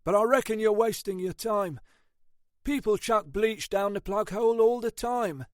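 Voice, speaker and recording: A man's voice: high-pitched, moderate pace, no echo, clean studio sound, pitched above the performer's own voice, lightly acted. A man doing a doubtful, offhand policeman. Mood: skeptical. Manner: skeptical, offhand. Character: doubtful, plain-spoken male police colleague.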